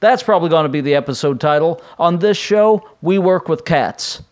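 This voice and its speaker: A man's voice: fairly high pitch, normal speed. A man hosting a solo podcast from home, talking in a casual, rambling way with plenty of fillers and restarts. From United States. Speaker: podcast host. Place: home room with his cats.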